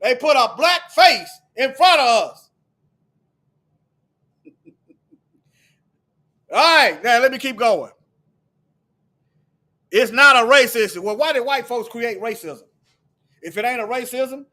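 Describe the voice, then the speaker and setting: Guy with a really high, sharp voice going off at his viewers, preachy, question after question. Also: unhurried, pauses often. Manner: preachy, hammering rhetorical questions, repetitive; sometimes shouting. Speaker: video commentator. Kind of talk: heated monologue to viewers.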